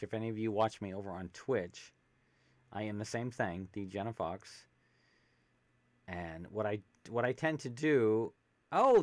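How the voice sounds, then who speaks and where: A man's voice: fairly low pitch, no room sound. A man streaming a video game, chatting casually and reading game text aloud with jokey asides, on a desk microphone. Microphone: desk USB microphone with pop filter.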